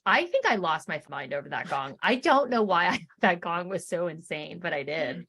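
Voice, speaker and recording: A woman's voice: on the low side, sing-song, normal speed, hardly any pauses, bright, forceful tone, husky. A woman co-hosting a podcast, chatting casually as she recaps an episode and reads out her own notes with laughs. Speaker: podcast co-host.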